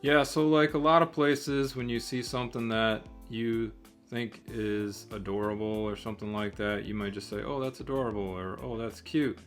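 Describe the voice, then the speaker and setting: Low-voiced Michigan man, relaxed. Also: normal speed, faint music behind. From Michigan, United States. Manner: relaxed, explaining, teasing. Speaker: co-host. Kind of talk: casual chat.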